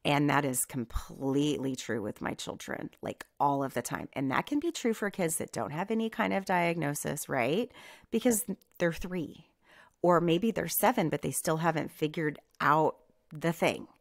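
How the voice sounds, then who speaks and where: A woman's voice: deep voice, animated, moderate pace, no echo, studio quality. A woman in her thirties, a podcast co-host, talking casually about parenting and acting out what she tells her kids.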